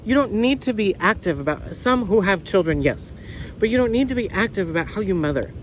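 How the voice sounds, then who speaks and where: Excitable high-voiced man reading tarot outdoors. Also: a little fast, poor audio. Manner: excitable, effusive, repeats words. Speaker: tarot reader. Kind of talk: casual tarot reading video. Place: on a windy beach outdoors. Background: wind and faint ambience.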